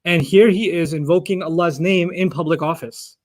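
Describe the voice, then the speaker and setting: A man's voice: fairly high pitch, moderate pace. A man giving a Quran lesson. He recites Arabic verses in a chant and explains the Arabic words patiently and at length. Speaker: Quran teacher.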